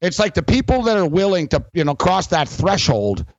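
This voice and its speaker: A man's voice: on the high side, very animated, normal speed, dry recording, muffled recording. Sarcastic, rambling sports radio host man. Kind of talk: sports talk radio monologue.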